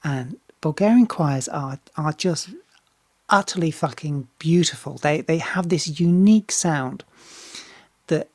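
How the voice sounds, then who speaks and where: A woman's voice: low-pitched, unhurried, a little mellow, no echo, studio quality. A woman singer talking casually as she reacts to a music video, often restarting and repeating words, swearing freely and getting enthusiastic.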